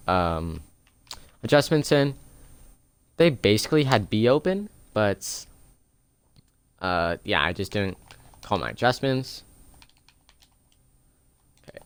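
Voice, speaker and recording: A young man casually explaining a football video game's defensive plays step by step, chatty and relaxed, recorded at home on a close desk mic. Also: on the low side, takes it slowly, pauses often, clean tone. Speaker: gaming video creator. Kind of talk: casual gameplay tutorial.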